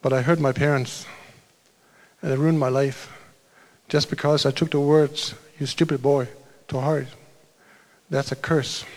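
A man's voice: medium pitch, little pitch movement, a little slow, long pauses. A man preaching a sermon as a pastor, telling a story in a loose, conversational way with restarts and asides.

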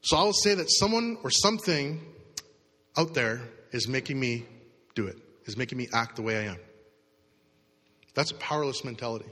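A man's voice: lively intonation, moderate pace, long pauses, pushed and bright. A man preaching a sermon in a conversational way, acting out the voices in people's heads. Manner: conversational, acts out inner voices with rising pitch. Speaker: pastor. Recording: long reverb of a large hall.

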